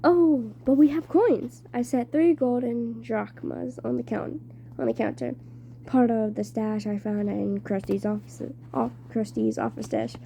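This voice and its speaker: A woman reads a novel aloud at a very slow pace, stumbling and restarting often. Her voice is dark and mellow, pitched slightly high. A faint hum sits behind her. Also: fairly even intonation, gravelly. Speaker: reader.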